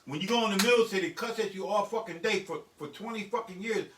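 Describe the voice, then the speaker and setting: A middle-aged beat producer talks bluntly and with plenty of profanity in a casual vlog from his home music studio. His voice is high-pitched and quick. The mic sits at a distance in an echoey room, and the background is noisy.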